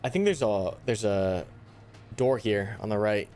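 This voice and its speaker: A young man giving live commentary on a tactical shooter, animated and easily exasperated, groaning and swearing at setbacks. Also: on the low side, a little slow, soft background music. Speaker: gaming YouTuber.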